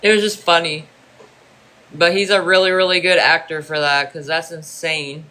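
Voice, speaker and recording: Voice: medium pitch, level tone, normal speed, bright, forceful tone. A livestreamer chatting loosely with viewers, rambling and swearing often. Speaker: livestream host. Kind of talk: casual chat with viewers.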